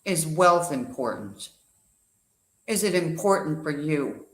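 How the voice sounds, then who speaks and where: A man's voice: fairly high pitch, expressive, slow pace, long pauses. A man giving an emphatic motivational talk, full of rhetorical questions and a told parable. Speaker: guest speaker. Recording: echoey room.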